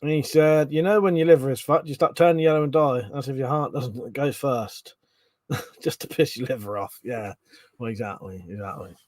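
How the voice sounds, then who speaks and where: A man's voice: a little high, normal speed, dry recording. Sweary man chatting on stream. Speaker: live stream host. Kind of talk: casual chat reading viewer comments.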